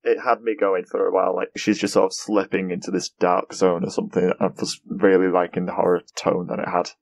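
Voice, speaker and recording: A man hosting a casual podcast, chatty and quick to laugh as he talks through an episode. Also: sits low, level tone, gravelly, no room sound. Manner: chatty, laughs often, mimics characters in quick asides. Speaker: podcast host.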